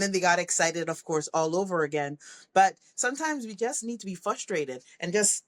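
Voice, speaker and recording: A woman's voice: fairly low pitch, fairly quick. A middle-aged woman, a leadership coach, talking in a conversational interview, animatedly telling stories with plenty of laughs. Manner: animated storytelling, acts out kids' voices, laughs often. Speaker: podcast guest, leadership coach.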